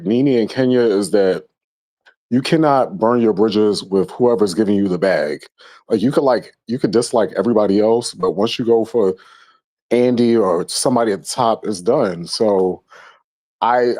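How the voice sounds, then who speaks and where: A man's voice: medium pitch, warm tone. A man calling in to a show, giving his opinions with frequent hesitations. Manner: hesitant, many ums. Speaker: caller. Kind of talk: casual phone-in opinion.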